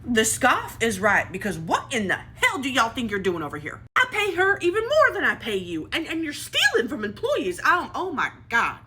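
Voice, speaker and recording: A woman's voice: fairly high pitch, huge pitch swings, moderate pace, hardly any pauses, sharp tone, slight background noise, heavily acted. A woman playing a blunt female store owner who scolds staff sarcastically in a comedy skit. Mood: stern. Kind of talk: comedy skit role-play.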